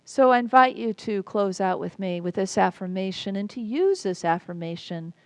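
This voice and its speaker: A woman pastor delivers a reflective, inviting sermon at an unhurried pace. Her mid-range voice carries a gravelly fry, and it is recorded close and dry with almost no room sound. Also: mid-range voice, expressive, dry recording.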